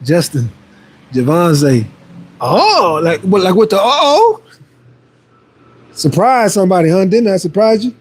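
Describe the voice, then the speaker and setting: Male fitness streamer, slightly high voice, upbeat motivational chat with viewers. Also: sing-song, measured pace, pauses often, a little hiss or hum. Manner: playful boasting with laughs. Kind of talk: casual livestream chat, reading viewer messages aloud.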